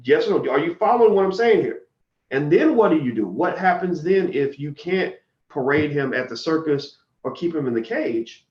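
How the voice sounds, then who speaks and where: A man's voice: fairly high pitch, expressive, moderate pace, darkish tone, highs cut off. Blunt, heated man lecturing in a roomy sound. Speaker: commentator. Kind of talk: livestream monologue.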